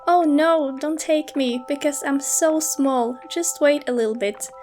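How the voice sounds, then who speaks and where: A woman's voice: high-pitched, measured pace, a little mellow, faint music behind, pitched above the performer's own voice. A woman voicing the smallest billy goat in a storybook reading, with a delicate voice, pleading.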